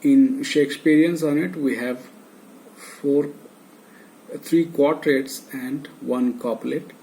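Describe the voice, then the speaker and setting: A man's voice: medium pitch, fairly even intonation, slow, gravelly, dark tone, a little hiss or hum, rough recording. A man with an Indian English accent giving a university lecture, hesitant, with many filler sounds, listing terms one by one. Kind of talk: slow recorded lecture.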